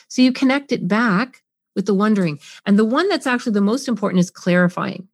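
A middle-aged woman talking as a parenting coach on a podcast, expressive, acting out scenes and asking rhetorical questions. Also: medium pitch, a little fast, no room sound. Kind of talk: podcast guest conversation.

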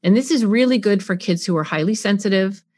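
A middle-aged woman talking as a parenting coach on a podcast, expressive, acting out scenes and asking rhetorical questions. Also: medium pitch, a little fast, no echo, studio quality. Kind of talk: podcast guest conversation.

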